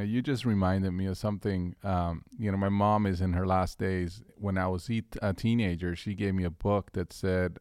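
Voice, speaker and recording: A man's voice: sits low, no echo, studio quality. A man hosting an interview, speaking in a reflective, thoughtful way. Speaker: host. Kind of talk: conversational interview.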